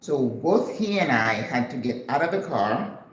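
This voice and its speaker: Animated older woman telling a story. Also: a little slow. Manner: animated, acts out voices with big pitch jumps. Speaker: channel host. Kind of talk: live-stream storytelling. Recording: echoey room with background noise.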